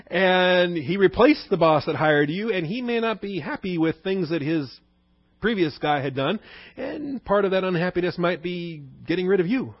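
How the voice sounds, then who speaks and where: A man's voice: sits high, lively intonation, moderate pace, no room sound. A man giving a conversational Bible study lecture as the teacher, often asking his listeners questions. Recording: dull dry recording.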